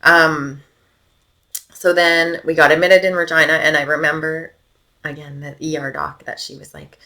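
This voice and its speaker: A woman's voice: deep voice, steady tone, moderate pace, pushed and bright. A Canadian woman in her thirties telling the story of her baby daughter's illness in a podcast interview. She talks casually, with many fillers, and often drops almost to a whisper. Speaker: podcast guest, mother.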